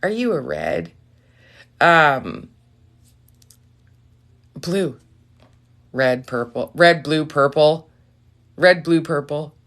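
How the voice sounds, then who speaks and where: A woman's voice: deep voice, lively intonation, drawn-out words, long pauses. A woman doing a casual live tarot reading, chatty and easily sidetracked, often dropping into whispers and reassuring viewers. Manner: warm and reassuring toward viewers. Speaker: tarot reader on a live stream.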